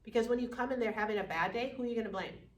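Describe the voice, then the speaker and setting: A woman teaching a class on dementia care, lively, acting out family members and residents. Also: on the high side, racing. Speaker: dementia educator. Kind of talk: classroom lecture. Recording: echoey room from far off.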